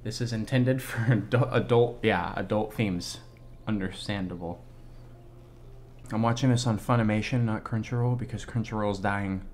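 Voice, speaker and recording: A man giving excitable, slangy live reaction commentary on an anime episode, exclaiming and swearing often. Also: fairly low pitch, moderate pace, a little hiss or hum.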